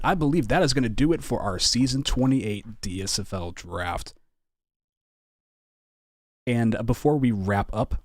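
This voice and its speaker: A man hosting a live online draft stream, with relaxed, upbeat announcer patter. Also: lowish voice, no echo, studio quality. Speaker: draft host.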